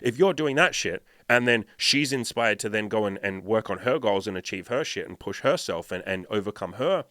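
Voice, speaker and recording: A man's voice: lowish voice, animated, normal speed, few pauses, bright, forceful tone, no room sound, clean studio sound. A man who is a dating coach, talking bluntly and emphatically in a casual podcast monologue, swearing often. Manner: blunt, heavily profane, emphatic.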